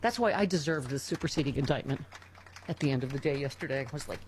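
A woman's voice: very deep voice, animated, fast, darkish tone, a little hiss or hum. A middle-aged woman hosting a talk radio show, telling a personal story in a casual, emotional way and reading ads.

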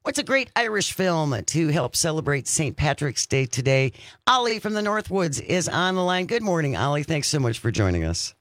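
A man's voice: fairly high pitch, very animated, a bit bright, no room sound. A man hosting a radio talk show, chatting casually and upbeat in the studio. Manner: upbeat, chatty, reads phone number slowly. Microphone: studio microphone.

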